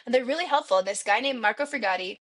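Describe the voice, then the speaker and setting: Woman guest, animated storyteller, slightly high voice, acts out the dialogue. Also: fast. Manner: acts out quoted dialogue with lively shifts. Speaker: podcast guest.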